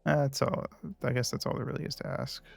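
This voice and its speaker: A man's voice: medium pitch, flat delivery, a little fast, vocal fry. A man streaming a game, reading its dialogue aloud with casual, mumbled asides. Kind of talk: let's play with read-aloud dialogue.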